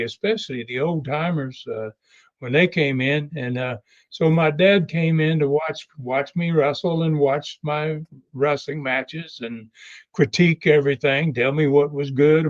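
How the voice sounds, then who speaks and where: An older man and guest telling a long anecdotal story, unhurried and full of fillers and restarts. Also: medium pitch, muffled recording. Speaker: wrestling legend guest.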